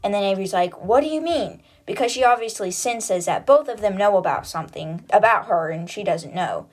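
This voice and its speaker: A woman's voice: mid-range voice, a little fast. A woman hosting a book podcast, casually retelling the chapters in a chatty, loose way full of "like" and paraphrase.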